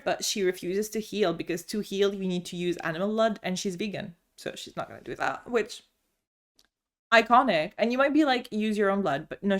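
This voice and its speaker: Chatty young woman gushing about books. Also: medium pitch. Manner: chatty, gushing, restarts sentences often. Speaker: book vlogger. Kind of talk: casual book review chat. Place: home room lit by sun.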